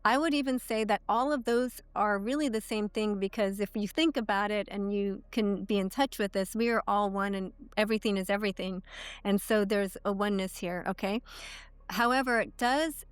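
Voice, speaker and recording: A woman's voice: mid-range voice, normal speed, clean tone, no echo. A woman in her thirties, a coach and podcast guest, explaining ideas in a teaching way and often checking in with "okay?" and "right?". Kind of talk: explanatory interview talk.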